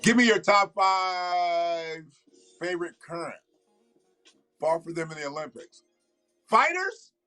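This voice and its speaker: Livestream host, male, bright forceful tone, slightly raised pitch, faint music underneath. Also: fairly even intonation, a little slow, long pauses. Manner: loose, profane, talks back to viewers. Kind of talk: casual livestream chat.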